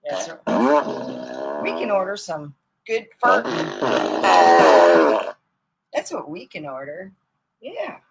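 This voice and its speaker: A middle-aged woman from Michigan telling rambling comic stories, swinging between loud outbursts and mutters and laughing at her own jokes. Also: mid-range voice, very animated, slow, vocal fry, pauses often, background noise. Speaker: comedy storyteller. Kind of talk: casual comic storytelling.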